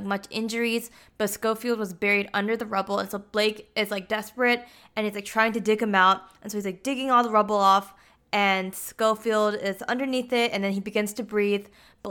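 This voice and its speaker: A woman's voice: mid-range voice, steady tone, brisk, fairly bright tone. A woman casually retelling a film's plot, chatty and full of "like" fillers. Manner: chatty, heavy use of "like" fillers. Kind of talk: casual film plot recap.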